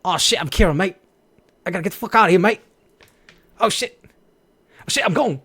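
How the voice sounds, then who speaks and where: A panicked villain blurts curses as he flees, his put-on Australian accent hurried and frantic, as a man acts him out. The voice sits well above a normal speaking pitch. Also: bright, forceful tone, slightly rough, heavily acted. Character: panicked male villain on the run, mock Australian.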